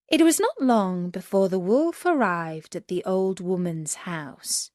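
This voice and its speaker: A woman reading a fairy tale aloud as scripted storybook narration, slow and clear. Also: mid-range voice, lively intonation, a little mellow, dry recording, clean studio sound.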